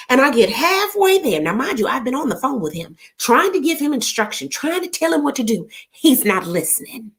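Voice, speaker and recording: Animated higher-voiced woman telling a story. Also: a little fast. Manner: animated, chatty, jumps between asides. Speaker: host of an online gathering. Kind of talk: casual storytelling chat.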